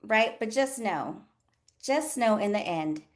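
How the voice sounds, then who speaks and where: A woman's voice: medium pitch, lively intonation, slow pace. A woman who works as a nurse coach, hosting a candid motivational talk with a group and swearing freely in an earnest, emotional way. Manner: talks to listeners as y'all.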